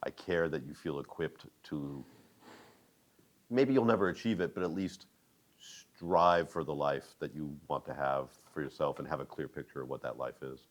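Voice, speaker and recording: Deep voiced guy teacher, wry and reflective, kinda joking at himself. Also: moderate pace. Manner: thoughtful, wry, self-deprecating. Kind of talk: reflective interview answer.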